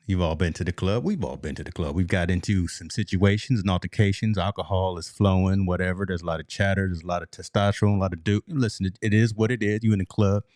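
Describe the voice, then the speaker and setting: A deep-voiced man hosts a live sports talk show in a dry, close sound. He talks casually and stumbles over repeated words as he starts a thought. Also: fast, few pauses, darkish tone, no echo. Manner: laid-back, repeats words when starting. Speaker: podcast host.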